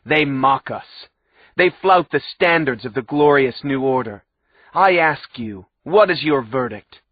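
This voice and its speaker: A man's voice: medium pitch, animated, unhurried, dry recording, pitched above the performer's own voice. A man voicing a pompous, fanatical older male judge who bellows his condemnations in an audiobook. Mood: accusing. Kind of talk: audiobook character voice. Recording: slightly muffled audio.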